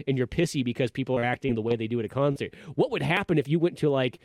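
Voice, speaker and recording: A man co-hosting a podcast who rambles quickly from one thought to the next. His voice sits in a middle pitch, recorded close with no room sound. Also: a little mellow, no echo. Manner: rambling, conversational. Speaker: podcast co-host. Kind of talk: casual chat.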